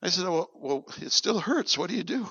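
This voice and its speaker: A man's voice: sits high, moderate pace, slightly rough, dry recording. A man preaching in church, telling a personal story and acting out the dialogue with animation. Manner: animated, acts out quoted dialogue. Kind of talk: sermon storytelling. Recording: dull lo-fi sound.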